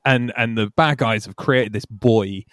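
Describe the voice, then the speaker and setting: A man's voice: on the low side, measured pace, fairly bright tone, no room sound, clean studio sound. A British man co-hosting a film podcast, chatting casually and enthusiastically, often laughing and acting out scenes. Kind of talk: casual chat.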